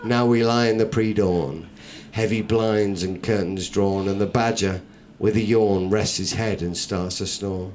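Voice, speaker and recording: A man's voice: on the low side, steady tone, a little slow, few pauses, darkish tone, slight background noise. A man performing a comic poem for a live audience, rhythmic, theatrical and wry. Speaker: comedian and performance poet.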